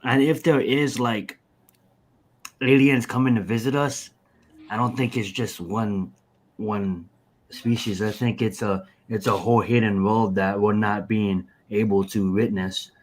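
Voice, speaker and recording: A man's voice: on the low side, steady tone, measured pace. Rambling man in casual podcast chat. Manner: rambling, with many fillers and restarts. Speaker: podcast guest.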